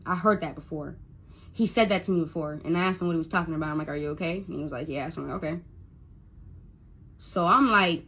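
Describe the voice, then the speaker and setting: A woman's voice: low-pitched, fast talker, fairly bright tone, slightly rough. A woman speaking as a mother, talking bluntly with heavy swearing and retelling conversations by quoting them. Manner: blunt, profane, retelling dialogue with quotes. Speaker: mother telling her son's story. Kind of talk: emotional vlog monologue.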